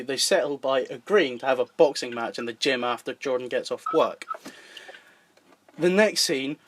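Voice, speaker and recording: A man, a podcast host who swears a lot, laughs often and acts out his script's dialogue in casual chat. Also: mid-range voice.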